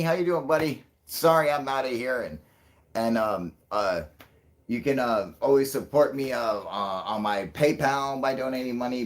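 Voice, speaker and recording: A man hosting a casual livestream, rambling and thinking out loud with lots of fillers, frequent swearing and chuckles. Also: medium pitch. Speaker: channel host.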